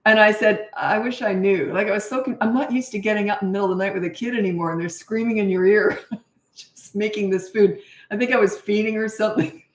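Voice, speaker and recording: An older woman, a parenting coach, giving blunt, direct advice in a live-stream Q&A. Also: mid-range voice. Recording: echoey room.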